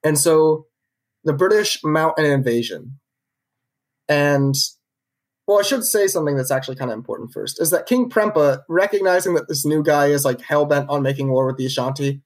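A man's voice: fairly high pitch, expressive, normal speed. A man co-hosting a podcast, telling a history story in a casual, conversational way, with many fillers and restarts. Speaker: podcast co-host narrating history.

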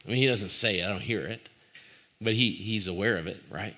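A man's voice: fairly low pitch, fairly quick, bright, forceful tone. A man, likely a pastor, giving a reflective devotional talk in a conversational, searching way, often restarting his sentences and asking listeners questions directly.

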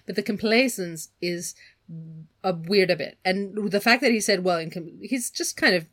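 Woman, podcast co-host, loose talky book chat, mid-range voice, lively. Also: medium pitch, normal speed. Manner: chatty, animated, laughs often, slips into put-on accents. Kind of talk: casual book discussion.

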